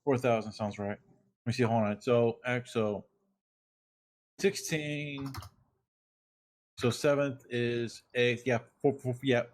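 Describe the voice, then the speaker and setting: A man's voice: mid-range voice, steady tone, slow pace, long pauses, dry recording. Guy running a tabletop game, looks up spell rules, lots of restarts. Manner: checks rules aloud, hesitant restarts. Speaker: dungeon master.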